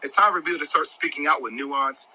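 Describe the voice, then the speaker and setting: A man speaking out with passion and insistence. His voice is fairly high and very bright. Faint background noise sits under it. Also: quick pace, low-quality recording. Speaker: commentator. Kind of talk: impassioned commentary.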